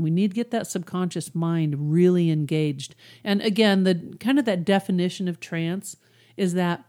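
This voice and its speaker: A middle-aged woman with a lowish, warm and mellow voice talks through ideas in a relaxed, conversational way. She hosts her own podcast and now and then slips into quick acted inner voices. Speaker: podcast host, hypnosis coach. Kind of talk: casual teaching monologue.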